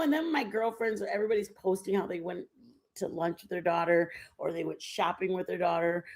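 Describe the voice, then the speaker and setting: A middle-aged woman hosting a casual livestream, telling rambling home stories with lots of fillers. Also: fairly low pitch. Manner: rambling, chatty storytelling with many fillers. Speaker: livestream host. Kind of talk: casual chat.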